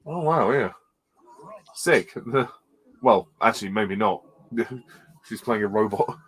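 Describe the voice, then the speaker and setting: A man doing casual film commentary, sarcastic and quick to laugh. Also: lowish voice, lively intonation, a bit bright, breathy edge, low-quality recording. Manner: giggly, sarcastic.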